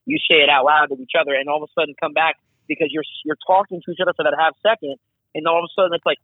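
Heard over a remote call on a tinny, phone-like line, an air traffic controller guests on an interview and casually explains his work. His fairly high voice is animated and chatty, full of quick asides and acted-out radio calls, with no room sound.

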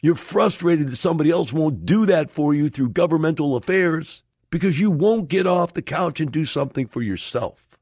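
Gravelly-voiced man, folksy motivational talk. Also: a little high, lively intonation, moderate pace, a little mellow, dry recording, clean studio sound. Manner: folksy, emphatic, rises to passionate urging. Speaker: host.

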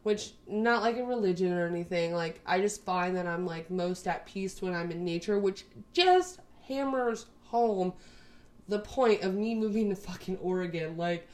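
A woman's voice: on the low side, moderate pace. A woman in her twenties from Texas, chatting casually to her camera in a rambling, sweary way, full of "like". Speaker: vlogger.

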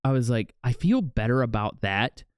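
Chatty man with a smooth, dry voice. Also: mid-range voice, normal speed, dry recording. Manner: animated, stumbling restarts and many "like"s. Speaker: podcast host. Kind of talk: casual podcast chat.

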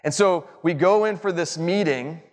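A man's voice: high-pitched, moderate pace. A man giving a church lesson in a chatty, self-mocking storytelling style that builds to emphatic points. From Southern United States. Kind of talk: storytelling sermon. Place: church auditorium. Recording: long reverb of a large hall.

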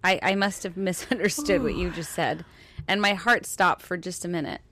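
A woman's voice: lowish voice, normal speed, fairly bright tone, a little hiss or hum. A woman co-hosting a podcast, playful and teasing in casual chat. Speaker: podcast co-host. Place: cruise ship cabin. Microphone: podcast microphone.

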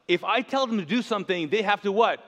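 A man with a high voice preaches to a congregation, telling the story in an animated, joking way and acting out lines as he goes. His voice rings with a long hall reverb that fills the space around him. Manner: animated, jokey storytelling with quick put-on voices. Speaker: pastor. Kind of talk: sermon.

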